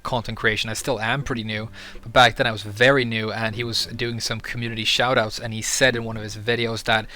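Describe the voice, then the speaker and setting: A young adult man talking casually about the gaming community, rambling with many filler pauses. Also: on the low side, little pitch movement, pushed and bright. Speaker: Tekken YouTuber. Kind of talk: casual monologue.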